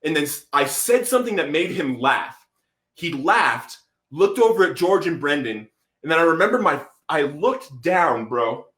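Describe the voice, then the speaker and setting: A man with a slightly high voice tells his story as a podcast guest. He is animated and acts out what people said. He drops "bro" between phrases, and the room echoes around him. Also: normal speed. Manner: animated, acts out quotes, says "bro" often. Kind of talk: storytelling testimony.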